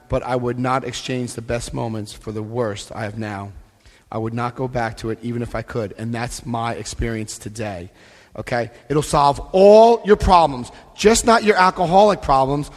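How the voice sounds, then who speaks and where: A middle-aged American man speaking at a recovery convention, telling joking, lively stories and acting out voices. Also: mid-range voice, normal speed. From United States. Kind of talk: animated storytelling talk. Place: large convention hall. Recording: long hall reverb.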